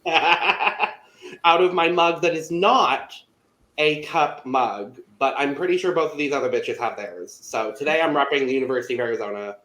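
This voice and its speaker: A man's voice: on the high side, a bit bright, reverberant. A man hosting a casual podcast, playful and laughing often. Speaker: podcast host.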